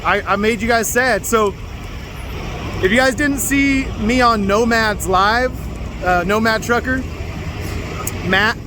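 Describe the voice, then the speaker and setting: A middle-aged trucker with a high-pitched voice talks casually from his cab, rambling along and tossing in "man" and "bro". The hum of the truck and the road sits clearly behind him. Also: takes it slowly, long pauses. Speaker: truck driver vlogger. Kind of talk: casual video diary. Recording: vehicle noise behind the voice.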